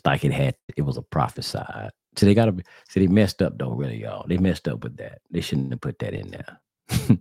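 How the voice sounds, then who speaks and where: With a creaky, slightly rough, somewhat mellow bass voice, a man preaches on his religious podcast, repeatedly posing rhetorical questions and calling listeners "brothers and sisters." The sound is clean studio quality with no room sound, captured through a screen-sharing computer setup.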